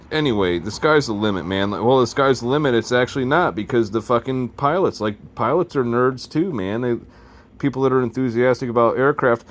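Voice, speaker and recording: A man with a Midwest American accent talking casually to his viewers, rambling from one joking aside to the next. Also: mid-range voice. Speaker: video host. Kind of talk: casual vlog commentary.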